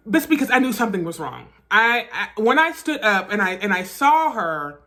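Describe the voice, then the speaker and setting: A woman vlogger telling a personal story in a casual storytime style, animated, profane and emphatic. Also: fairly high pitch, moderate pace.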